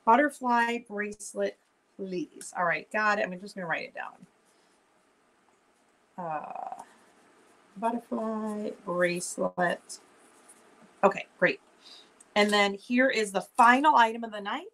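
A woman's voice: mid-range voice, slow pace, long pauses, a bit bright. Chatty woman hosting a live jewelry sale. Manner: chatty, upbeat, talks straight to viewers. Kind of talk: casual live-stream selling chat.

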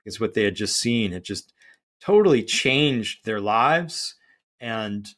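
Man, low pitch, measured, thoughtful, podcast co-host. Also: lively intonation, fairly bright tone. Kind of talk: casual conversation about literature.

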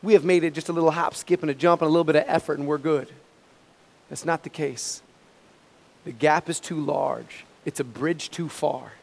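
A man with a high voice preaches a sermon to his congregation. He swings between loud, emphatic peaks and quiet asides. His voice carries a long reverb through the church hall. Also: steady tone, moderate pace, gravelly. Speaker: pastor. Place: church sanctuary.

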